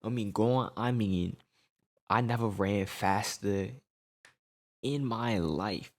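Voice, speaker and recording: A young man telling a storytime tale in casual slang, animated and peppered with "right?" tags. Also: on the low side, takes it slowly.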